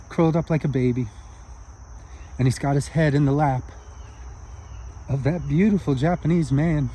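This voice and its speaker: A man's voice: mid-range voice, warm tone, slight background noise. A man telling a spiritual story outdoors in an earnest, heartfelt way.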